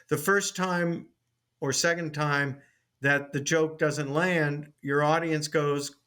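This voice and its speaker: A man's voice: fairly high pitch, fairly even intonation, a little slow, a bit bright. A man, a sitcom writer and teacher, telling a story in an interview, with frequent restarts.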